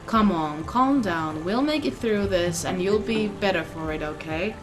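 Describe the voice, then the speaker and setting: A steady, reassuring man who coaxes a frightened student to stay calm, as a woman reads him lower than her own voice. His tone is soft and patient, and game music plays clearly behind him. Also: unhurried. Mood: soothing. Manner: soothing, coaxing. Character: gentle male mentor, steady and reassuring.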